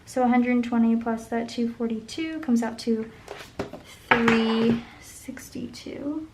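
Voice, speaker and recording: At a normal speed, a budget vlogger talks through her home budget in a casual way, her voice slightly high. She thinks out loud, now and then muttering the sums quietly, over a faint background hiss.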